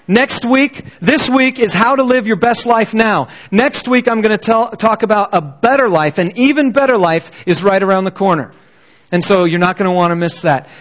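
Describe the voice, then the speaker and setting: A middle-aged man preaching a sermon as pastor, speaking in an earnest, encouraging and conversational way. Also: high-pitched.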